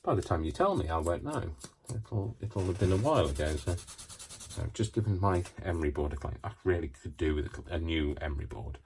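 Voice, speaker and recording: A man's voice: deep voice, animated, brisk, a little mellow, a little hiss or hum. A middle-aged man hosting a craft tutorial at home, rambling and joking about himself as he works. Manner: rambling, self-deprecating, jokey. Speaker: craft channel host. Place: home craft space, seated.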